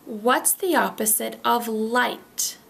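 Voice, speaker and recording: A woman leads a pronunciation drill at a very unhurried pace. She says each word slowly and clearly, then says it again. A gravelly edge sits under her mid-range voice. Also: on the high side, fairly bright tone. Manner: models words carefully, repeating each one. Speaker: pronunciation teacher. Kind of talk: slow, deliberate pronunciation drill.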